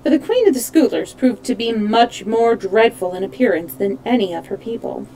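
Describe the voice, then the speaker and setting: A woman hosting a live storytime stream, reading a storybook aloud at a steady pace with small slips that she corrects. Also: on the high side, normal speed, poor audio. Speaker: storytime host. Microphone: streaming mic.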